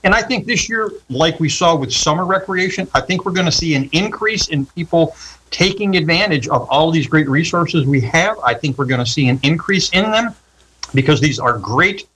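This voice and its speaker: A man's voice: on the high side, animated, normal speed, sharp tone, breathy edge, rough recording. A man, a recreation specialist speaking as a radio guest from home, friendly and explanatory with many you-knows. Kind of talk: casual radio interview.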